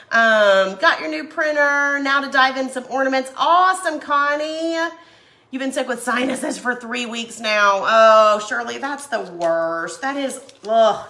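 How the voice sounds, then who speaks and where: Hoarse woman hosting a craft stream. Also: medium pitch, sharp tone. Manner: chatty, greets viewers by name. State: hoarse from a cold. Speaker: craft livestream host. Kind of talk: casual live craft stream.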